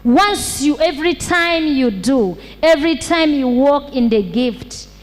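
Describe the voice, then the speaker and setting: A woman pastor delivering a sermon, preaching slowly and repeating points for emphasis, with rhetorical questions to the congregation. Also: high voice, animated. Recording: long hall reverb.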